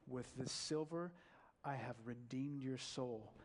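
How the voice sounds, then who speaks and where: Gentle old bishop, solemn and earnest, read by a preacher. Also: male voice, medium pitch, slow, natural voice.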